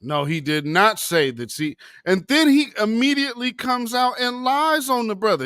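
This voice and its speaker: A man with a high, bright voice that leaps all over as he speaks. He sounds impassioned and preachy, talking straight to his audience as family. His recording is dry and close, with no room sound. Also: lively intonation, moderate pace, few pauses, clean tone, no echo. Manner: impassioned, preachy, addresses viewers as family and brother. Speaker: commentary channel host. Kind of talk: political commentary vlog.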